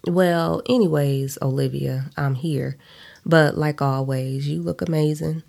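A woman's voice: deep voice, fairly even intonation, unhurried, creaky, darkish tone, heavily acted. A woman voicing a smug adult man, an ex-boyfriend who talks dry and pushy in a read-aloud story.

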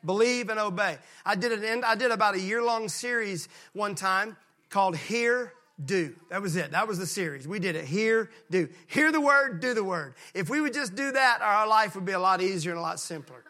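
A man from Mississippi, preaching a sermon with emphatic delivery that slows down to stress key points and drops into quiet voices when acting out folksy characters. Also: sits high, expressive. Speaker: pastor.

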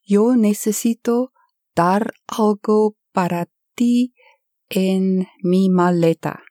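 A woman voicing an excitable, gushing middle-aged woman tourist who talks in a high, eager rush. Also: slow pace, dry recording, studio quality, close to an everyday voice. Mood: excited.

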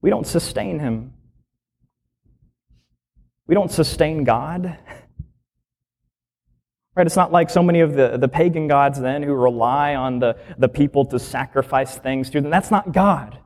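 A man, a minister, preaching a sermon with emphatic, lively delivery, asking rhetorical questions and slowing down to stress key phrases. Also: a little high.

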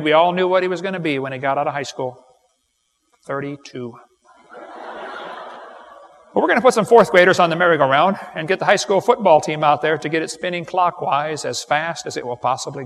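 Middle-aged male seminar speaker, joking folksy storyteller, gravelly voice, recorded live in an echoing hall. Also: a little high, fairly bright tone. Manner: folksy, wisecracking, quick storytelling with punchlines. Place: large hall with live audience.

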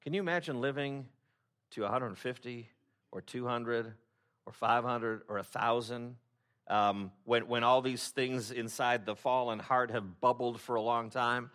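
A man's voice: medium pitch, fairly even intonation, unhurried, fairly bright tone. A man preaching a sermon to his congregation in a conversational, wry way, often breaking off and restarting his sentences. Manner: conversational, self-interrupting, wry. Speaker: pastor.

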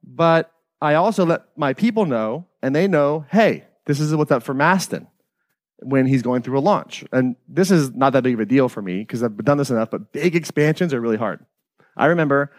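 A man's voice: mid-range voice, no echo, clean studio sound. A middle-aged man leading a live workshop, talking casually and with profanity, often checking in with the audience by asking "right?". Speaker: workshop leader.

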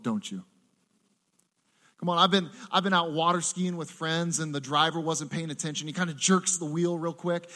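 A man preaching a sermon in a church, animated and acting out the voices he quotes. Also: high-pitched. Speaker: pastor.

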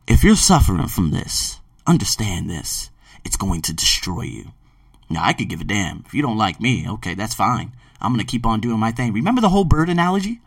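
A man hosting a podcast and reviewing a book, talking emphatically and swinging between loud outbursts and low murmurs. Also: very animated, a little fast, gravelly, no echo, far from the mic. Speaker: podcast host. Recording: dry, set back from the mic.

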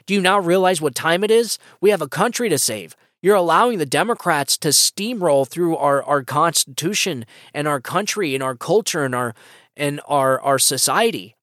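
A man's voice: on the high side, a bit bright, no echo, studio quality. Fired-up man hosting a political podcast. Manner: impassioned, emphatic, rambling with frequent restarts. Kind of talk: solo political opinion monologue. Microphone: podcast microphone.

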